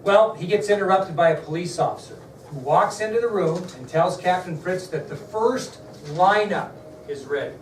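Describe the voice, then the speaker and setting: A man teaching a history lesson to a class, telling the story in a conversational way and putting questions to his students. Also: a little high. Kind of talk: classroom lecture. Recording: echoey room, mic far off, faint background noise.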